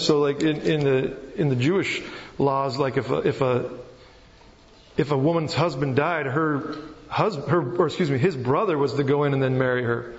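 A man preaching a sermon, reading scripture and explaining it in an earnest, halting way with frequent restarts. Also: a little high. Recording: muffled, with long hall reverb.

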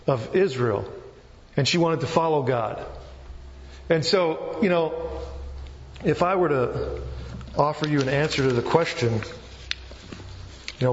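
A man's voice: on the high side, slight background noise. Earnest man preaching in a reverberant hall. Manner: earnest, halting with restarts and fillers. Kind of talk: sermon with scripture reading. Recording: muffled, with long hall reverb.

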